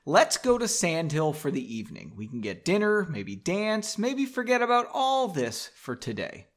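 A man reading as a calm young woman. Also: a little high. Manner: calm, measured. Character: composed young woman, gentle and firm.

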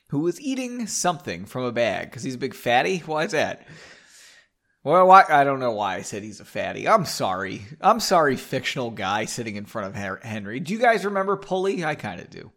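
A man's voice: medium pitch, sing-song, fairly quick, fairly bright tone. A man hosting a podcast, reading a book aloud at home with sarcastic asides. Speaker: podcast host.

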